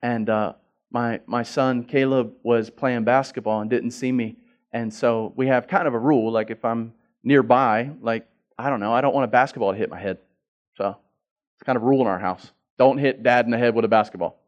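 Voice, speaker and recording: A middle-aged man, a pastor, preaching a sermon, telling stories with repeated words and restarts, swinging from loud to hushed. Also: medium pitch, steady tone, a little fast, muffled recording.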